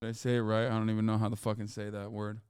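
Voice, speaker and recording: A man's voice: on the low side, completely flat delivery, rapid-fire, darkish tone, clean tone, dry recording, studio quality. Profane, exasperated male streamer. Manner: profane, exasperated rants, reading news aloud. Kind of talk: live stream reaction commentary.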